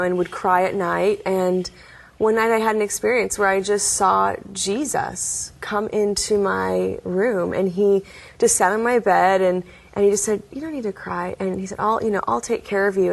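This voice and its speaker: A woman's voice: medium pitch, vocal fry. Earnest woman sharing her story on a talk show, laughs a little between lines. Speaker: interview guest. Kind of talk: testimony in a studio interview.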